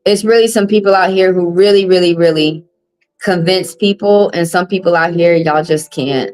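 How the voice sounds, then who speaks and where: A woman's voice: on the low side, moderate pace, a little mellow, low-quality recording. Blunt, preachy woman streaming live. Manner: blunt, preachy and profane, repeating phrases for emphasis. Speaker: tarot reader hosting a live stream. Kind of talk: casual live-stream monologue.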